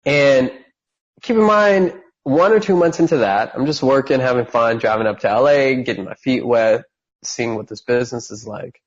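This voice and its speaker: A podcast guest, a Californian man in his thirties with a husky, medium-pitched voice, tells his story at a moderate pace. He's energetic and animated, acting out the voices of the people involved, and the recording sounds slightly dull.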